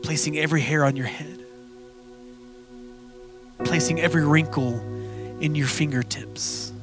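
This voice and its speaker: A man's voice: a little high, steady tone, unhurried, over music. A male preacher closing his sermon with earnest, emphatic storytelling.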